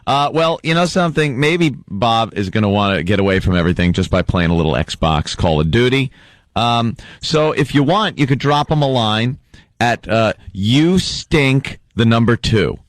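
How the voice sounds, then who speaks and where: A man's voice: mid-range voice, expressive, moderate pace, dry recording. A man hosting a radio show, rambling and joking in casual banter. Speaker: radio host. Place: radio studio.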